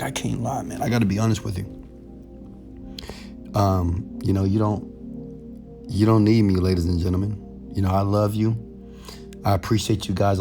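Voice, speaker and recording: Preachy male motivational speaker over faint music. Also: on the low side. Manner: preachy, repetitive, rising to loud exhortation. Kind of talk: motivational monologue to camera.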